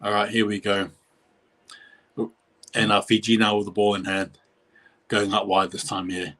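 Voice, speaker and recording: Guy doing live play by play on his stream, rambly, corrects himself, gets loud and high when something big happens. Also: monotone, moderate pace. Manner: rambling, self-correcting, pitch jumps at big plays. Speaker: live stream reaction host.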